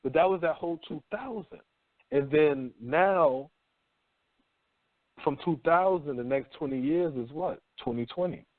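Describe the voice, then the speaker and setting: A man's voice: fairly high pitch, unhurried, no echo. A man hosting a talk radio show, rambling through a profane, slangy monologue and acting out people in mock voices. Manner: animated storytelling with mock quoted voices. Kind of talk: casual monologue. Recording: tinny phone-line audio.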